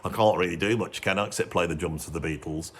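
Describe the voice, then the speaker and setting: A man voicing a worried young male rock drummer in a low, mournful mumble. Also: fast talker, a little hiss or hum, natural voice.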